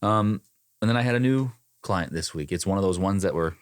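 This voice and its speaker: Deep-voiced man, joking co-host. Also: animated, a little fast, slight background noise. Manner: joking, rattles off figures. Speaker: podcast co-host, voiceover talent. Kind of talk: casual podcast chat.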